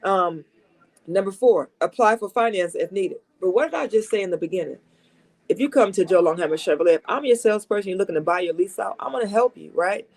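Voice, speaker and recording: A woman's voice: medium pitch, quick pace, a little mellow. A saleswoman talks from her desk in a dealership office, coming down with a cold and a little sniffly. She is chatty and emphatic, hammering each point home by saying it twice. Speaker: car salesperson. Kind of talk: casual advice talk to camera.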